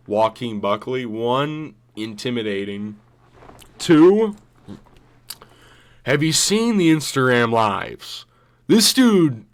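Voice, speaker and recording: A young man in casual commentary with a mid-range voice. He rambles, swears freely and laughs as he goes. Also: medium pitch. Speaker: vlogger.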